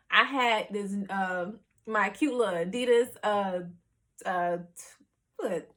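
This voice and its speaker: Young woman vlogger, higher pitch, loose chatty storytelling with lots of filler words. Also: normal speed. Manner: animated, acts out her family's reactions; chatty, many fillers like "like" and "you know". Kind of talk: casual personal storytelling.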